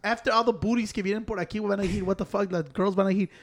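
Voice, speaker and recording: Rapid, high-voiced man telling stories. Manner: swears constantly, mixing Spanish and English; animated storytelling with quoted voices. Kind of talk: casual chat.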